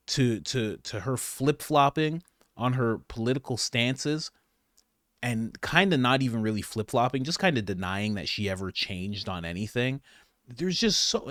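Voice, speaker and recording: A man's voice: medium pitch, no echo. Exasperated man ranting in a dry room. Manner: ranting, exasperated, laughs at own slips. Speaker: political commentator. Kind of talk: political commentary vlog.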